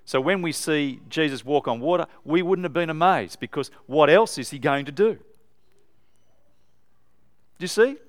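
A man's voice: on the high side, normal speed, long pauses. Emphatic man preaching a sermon. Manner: animated, emphatic, speaking to a live congregation.

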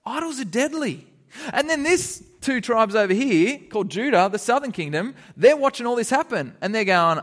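Animated high-voiced man teaching kids. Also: fairly quick. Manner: animated, laughing, acts out characters. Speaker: children's Bible teacher. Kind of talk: lively kids' sermon.

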